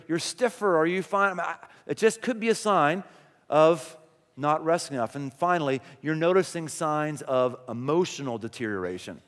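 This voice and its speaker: A man pastor preaching a conversational sermon in a large church, full of rhetorical questions. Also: fairly high pitch. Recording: long hall reverb.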